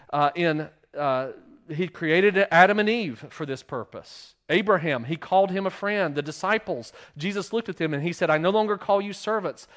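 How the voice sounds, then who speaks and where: Guy preaching a sermon, kinda high voice, keeps throwing questions at the church, loud then soft. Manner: preaching with rhetorical questions to the congregation; swings between loud emphasis and quiet, hushed lines. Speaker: pastor.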